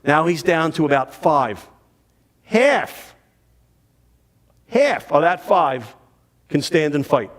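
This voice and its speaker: A man giving a dramatic, animated storytelling talk on history to an audience. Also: a little high, slow pace, pauses often. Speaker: history speaker.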